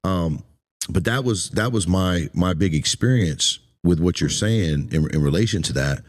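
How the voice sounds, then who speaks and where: A man hosting an interview, speaking emotionally and haltingly about his past, often repeating words. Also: low-pitched, expressive. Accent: Eastern Shore American. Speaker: podcast host.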